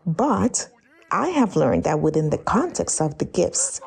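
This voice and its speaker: A middle-aged woman preaching a sermon, acting out the voices of the people she quotes in a high, excited tone. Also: measured pace, vocal fry.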